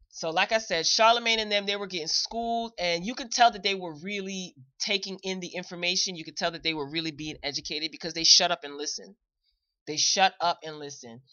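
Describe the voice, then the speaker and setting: Speaking straight to her audience, this live commentary host is chatty and repeats phrases to stress them. Her fairly low voice sounds bright and forceful. The audio is dry, missing its high frequencies.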